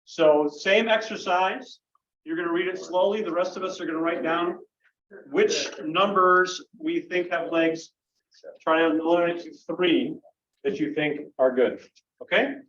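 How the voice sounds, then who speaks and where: A man running a live workshop exercise, counting votes aloud and moving the group along briskly. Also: on the high side, a bit bright, slight background noise. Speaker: workshop facilitator. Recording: dull lo-fi room recording.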